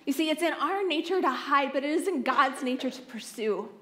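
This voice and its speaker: A young adult woman giving a sermon at a youth conference. She tells the story expressively with playful asides and often drops into soft, hushed tones. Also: sits high, animated, fairly quick. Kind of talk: sermon, Bible teaching. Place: conference stage.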